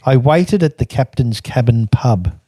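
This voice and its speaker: Older man, mellow, halting storyteller. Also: medium pitch, animated, slightly rough, no echo, clean studio sound. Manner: rambling, halting with restarts, reads from his journal. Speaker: podcast guest recounting travels. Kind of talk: casual storytelling chat.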